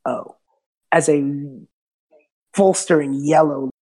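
A woman running a tabletop game, narrating with animated, casual energy. Her voice is low and a bit husky, and her pitch swings widely as she talks. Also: normal speed. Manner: animated, swearing, voices many characters. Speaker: game master.

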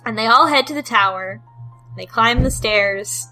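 A woman's voice: a little high, unhurried, bright, forceful tone, faint music behind, poor audio. A woman in casual chat, animatedly retelling a story game and laughing often. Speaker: podcast co-host recapping a story game.

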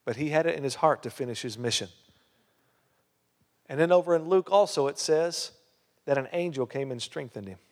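A man's voice: fairly high pitch, normal speed, long pauses, a little mellow, big-room sound. A man preaching a sermon as a pastor, emphatic, with many rhetorical questions. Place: church hall.

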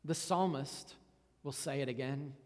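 A man's voice: mid-range voice, measured pace, long reverb tail. A man giving a sermon as a pastor, earnest and reflective, often repeating words as he stresses a point.

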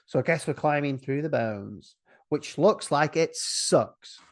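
A man's voice: a little high, expressive, a little slow. A man co-hosting a casual chat, retelling a film scene by scene in a rambling, jokey way, breaking into silly voices. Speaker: podcast co-host recapping a film.

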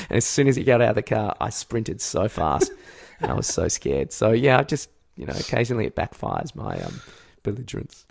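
An Australian man co-hosting a comedy podcast, telling a story in a loose, swearing, animated way. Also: fairly low pitch, fairly quick, vocal fry, few pauses. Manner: animated storytelling, acts out shouts, swears freely. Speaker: podcast co-host. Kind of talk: casual comedic chat.

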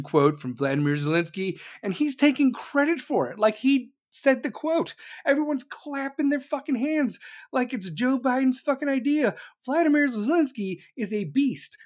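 With a mid-range voice, a commentator delivers an angry, sarcastic political rant full of swearing. He jumps between fast bursts and slower stretches meant to hammer a point home.

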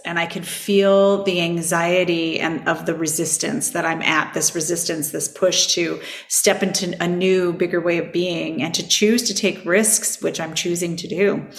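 A woman hosting a self-help podcast, speaking in a gentle, reflective and soothing way. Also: fairly low pitch, echoey room. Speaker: podcast host and coach. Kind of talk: personal self-help talk.

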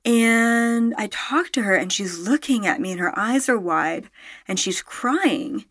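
A woman's voice: fairly high pitch, measured pace, no echo, studio quality. A woman telling a personal story to her viewers, rambling and emphatic, full of fillers and self-corrections, with the odd swear word. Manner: swearing, animated when excited. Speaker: spiritual storyteller vlogger. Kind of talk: casual personal storytelling to camera.

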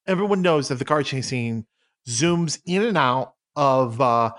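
A man co-hosting a comedy podcast, rambling through made-up facts in deadpan improvised banter. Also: mid-range voice, slow pace. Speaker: podcast co-host.

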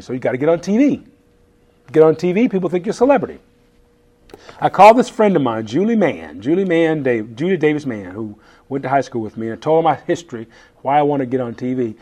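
A man in his fifties, a chef telling stories in a casual interview, animated and laughing as he acts out quotes. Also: fairly high pitch, fairly quick.

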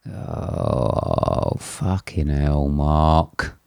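A man's voice: a bass voice, animated, extremely slow, vocal fry, a little mellow, clean tone, no echo, studio quality. A man co-hosting a casual podcast, stuffy with a cold, laughing often and swearing freely. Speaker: podcast co-host and quiz guesser. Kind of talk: casual chat.

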